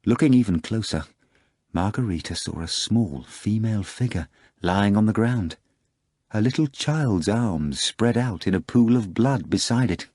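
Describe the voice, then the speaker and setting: A man narrating an audiobook in a measured, even manner. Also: fairly low pitch, no echo, studio quality. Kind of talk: scripted narration.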